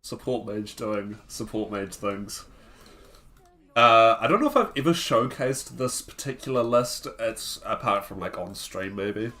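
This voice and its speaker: Low-voiced man commenting on gameplay. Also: expressive, unhurried, pushed and bright. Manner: thinking aloud, answering chat between plays. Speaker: streamer.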